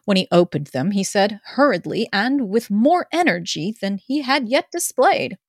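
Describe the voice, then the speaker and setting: A woman narrating a novel in a casual amateur group reading, expressive and playful. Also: medium pitch, moderate pace, dry recording, studio quality.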